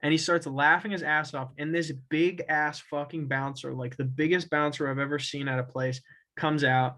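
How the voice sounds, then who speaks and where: A man's voice: fairly high pitch, level tone, a little fast, pushed and bright, low-quality recording. A young man co-hosting a casual podcast, telling a rambling story full of swearing, with laughs breaking in. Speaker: podcast co-host. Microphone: own camera and mic at home.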